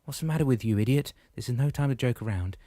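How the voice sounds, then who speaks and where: Impatient young man, as a male narrator voices him, scolding, mellow low voice. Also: no echo, clean studio sound, lightly acted. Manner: brisk, scolding. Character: impatient older brother, bossy young man.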